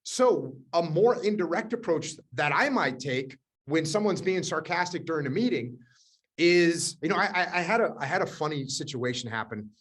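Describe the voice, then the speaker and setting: A man's voice: a little high, lively intonation, moderate pace, fairly bright tone, breathy edge. A man hosting a live leadership coaching session, telling stories in a direct, emphatic way and repeating key words.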